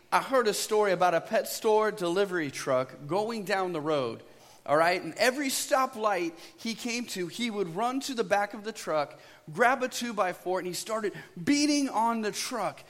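Male pastor, conversational preacher, higher voice, live church reverb. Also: lively intonation, normal speed, fairly bright tone. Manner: conversational storytelling preacher, asks "right?" often. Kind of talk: sermon. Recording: long hall reverb.

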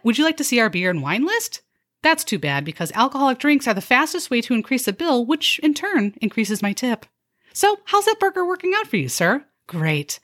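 A woman playing a chirpy, sarcastic young restaurant server who mixes bubbly upselling patter with deadpan jabs. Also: high voice, voice pushed up, heavily acted. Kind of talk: comedy skit.

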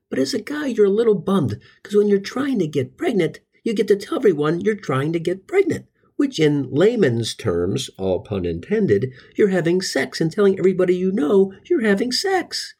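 A man in his forties, a comedy host, telling crude, exaggerated stories about family life in a husky voice. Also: moderate pace. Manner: crude, exaggerated, bursts into high excited jabs. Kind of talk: comic storytelling monologue.

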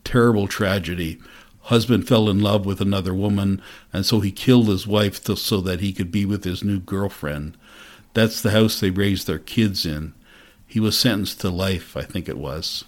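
A man voicing a gentle woman librarian in soft, confidential tones, in an audiobook reading. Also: deep voice, fairly even intonation, normal speed, lightly acted. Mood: somber.

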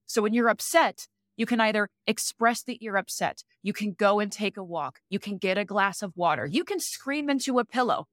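A woman's voice: mid-range voice, expressive, normal speed, hardly any pauses, a bit bright. A woman hosting a leadership podcast with a mid-range voice. She talks earnestly and reflectively, and her sound is close and dry with no room echo. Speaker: podcast host. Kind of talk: podcast conversation.

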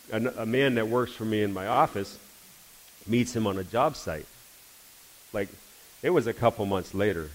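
Man giving a church testimony, slightly deep voice, storytelling with acted-out dialogue. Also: rough recording. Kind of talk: testimony sermon.

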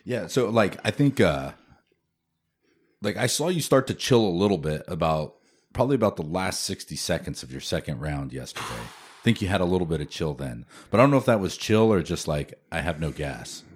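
A man's voice: low voice, lively intonation, fairly quick, slightly rough. A man hosting a podcast, chatting casually with a laid-back manner, heavy on "dude" and "like.". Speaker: podcast host, jiu-jitsu teammate. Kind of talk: casual chat.

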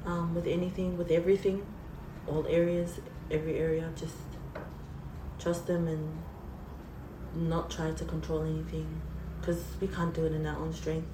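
A woman guest giving an earnest, halting faith testimony in an interview. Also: low-pitched, level tone. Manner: earnest, halting, tearful at times. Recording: roomy, distant, faint hiss.

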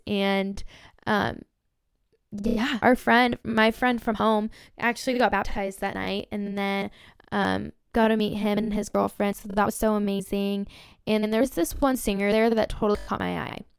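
Young woman podcast host, 19, bubbly storyteller, slight vocal fry, smooth close dry voice. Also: mid-range voice, no echo. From Southern California. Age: young adult, around 19. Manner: bubbly, excitable, heavy use of "like" and "literally". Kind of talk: casual storytelling monologue.

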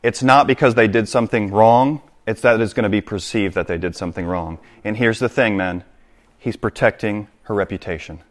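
Preaching to his congregation, this pastor speaks a little fast in a lowish voice. He reads passages of scripture and unpacks them with direct appeals to those listening.

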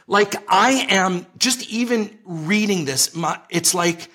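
A man with a husky, slightly high voice speaks with earnest conviction. He talks like a preacher in conversation and presses his points with scripture and emphasis. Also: takes it slowly, hardly any pauses, sharp tone. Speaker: ministry leader, interview guest.

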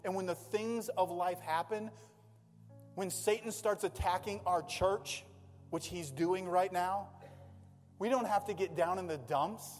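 A man's voice: high voice, a little slow, big-room sound, soft background music. A man preaching a sermon as a pastor, in a conversational and impassioned way. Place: church sanctuary.

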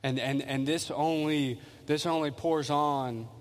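A male preacher voicing a discouraged churchgoer who feels worthless, speaking in a hesitant, halting way. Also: fairly high pitch, steady tone, big-room sound, pitched below the performer's own voice, lightly acted. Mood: dejected.

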